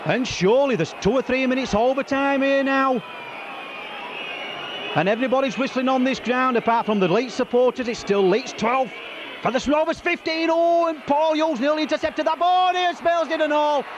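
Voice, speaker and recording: Hoarse, very high-pitched commentator. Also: male voice, normal speed, highs cut off, crowd noise. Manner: excitable, partisan, rattling off player names. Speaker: rugby league commentator. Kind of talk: live match commentary. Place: outdoor rugby ground. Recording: noisy outdoor broadcast.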